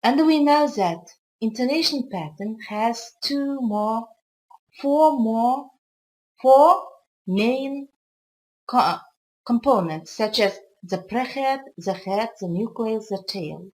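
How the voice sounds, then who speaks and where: A woman with a Kazakh accent, a college English teacher whose first language is Kazakh, explaining intonation slowly and carefully in a recorded video lesson. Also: fairly high pitch, expressive, a little mellow, rough recording. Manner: slow, careful explanatory delivery with occasional restarts.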